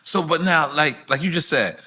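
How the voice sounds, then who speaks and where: A playful male host chats in loose slang. His voice is bright and animated, jumping around in pitch as he talks. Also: normal speed. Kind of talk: casual talk show chat.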